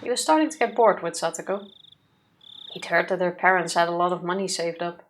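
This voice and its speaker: A woman co-hosting a let's play, reading the visual novel's text aloud in a steady, even way, with casual asides to her partner. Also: on the low side, a little fast, a little hiss or hum. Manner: steady, even reading pace with occasional yawns.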